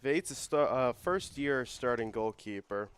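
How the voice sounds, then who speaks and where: A young man doing play-by-play for a student soccer broadcast. His voice climbs and quickens as the attacks build. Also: medium pitch, lively intonation, smooth. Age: young adult. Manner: rises and speeds up with the action. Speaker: play-by-play commentator. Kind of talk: student sports commentary.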